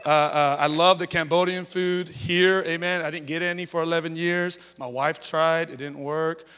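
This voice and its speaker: This pastor's voice is slightly high, clear, resonant and a touch bright, holding a steady tone at a moderate pace. He preaches a storytelling sermon in the church sanctuary, telling stories conversationally and tagging phrases with "okay" and "all right," all captured in an echoing church hall.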